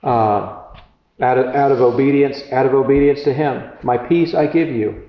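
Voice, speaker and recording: Guy preaching a sermon, chatty and halting, lots of restarts, echoey hall, kinda muffled. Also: mid-range voice. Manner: conversational, halting with restarts and fillers. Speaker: pastor.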